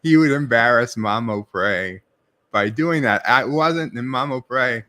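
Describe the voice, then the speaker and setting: A man's voice: mid-range voice, measured pace, sharp tone. A middle-aged man with a New York accent hosting a live stream, reading viewers' chat messages aloud and answering them casually. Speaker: livestream host reviewing a TV episode.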